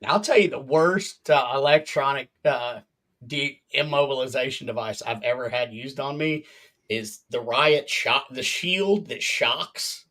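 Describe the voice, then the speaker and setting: A man's voice: medium pitch, measured pace, a bit bright. A man and former jail officer in a casual chat, mostly agreeing briefly, then telling his own stories.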